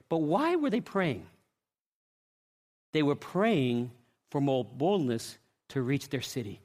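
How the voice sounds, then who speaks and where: Preacher: middle-aged man, high voice, dramatic storyteller who acts out scenes and shouts. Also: big pitch swings, normal speed, long pauses. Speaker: pastor. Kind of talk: sermon.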